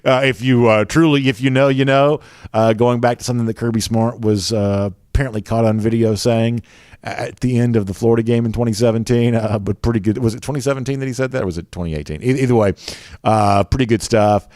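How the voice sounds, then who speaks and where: A man's voice: medium pitch, steady tone, fast, darkish tone, no room sound, clean studio sound. A man with a Southern accent hosting a sports show, chatting casually and reading viewer comments with lots of fillers. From American South.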